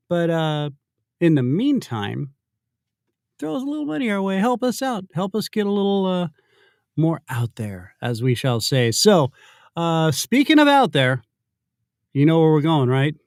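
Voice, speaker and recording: A man hosting a casual livestream, upbeat and joking, rambling along with plenty of fillers. His voice sits a bit high for a man and sounds dry and close to the mic. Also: big pitch swings, normal speed, a little mellow, dry recording. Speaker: show host.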